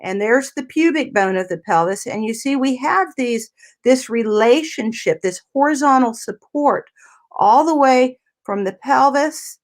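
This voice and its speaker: A woman's voice: sits high, animated, unhurried. Woman explaining anatomy step by step. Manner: explains step by step while showing a 3D anatomy model, frequent "you know" and "right?". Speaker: physical therapist guest. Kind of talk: explanatory talk-radio interview.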